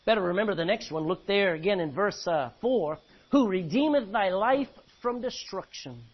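A man preaching a sermon, swinging between loud emphatic bursts and quiet, low asides. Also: highs cut off. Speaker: pastor.

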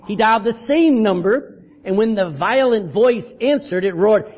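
A man's voice: high voice, expressive, moderate pace. A man preaching a sermon as pastor, talking conversationally and telling a joke as he goes, in a church. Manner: conversational, storytelling, repeats words. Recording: dull lo-fi recording.

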